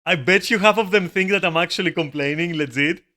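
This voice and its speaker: A man's voice: high-pitched, brisk, pushed and bright. A man giving live gameplay commentary, swearing often, laughing and exclaiming in dismay. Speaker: gamer streaming a raid.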